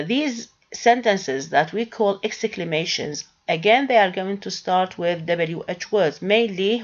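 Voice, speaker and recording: A woman's voice: medium pitch, dull audio. A woman with an Arabic accent teaching English grammar in a recorded lecture. She asks questions and answers them herself, with frequent hesitations and restarts.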